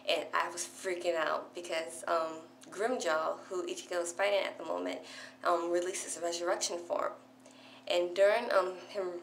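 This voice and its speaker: A young woman excitedly recapping a favorite show in a casual vlog, gushing and peppering her talk with "like". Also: medium pitch, vocal fry. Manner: gushing, breathless fan chatter full of "like". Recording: echoey room with faint hum.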